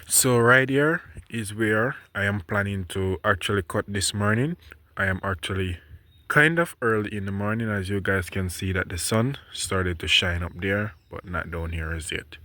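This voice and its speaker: A man's voice: on the low side, normal speed, a bit bright, slight background noise. A man, a bit stuffy, walking his farm outdoors and chatting to viewers as he points out seedlings and the land he plans to cut. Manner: talks to viewers as he walks and points things out. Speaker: farming vlogger. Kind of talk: casual farm vlog narration.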